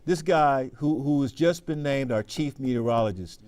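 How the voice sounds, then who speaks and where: A man's voice: mid-range voice, normal speed. A man chatting on a TV after-show in a laid-back, slangy way, reading out viewer comments. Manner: laid-back, slangy, warm to his co-host. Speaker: sports anchor. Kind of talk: casual on-air chat. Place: TV studio.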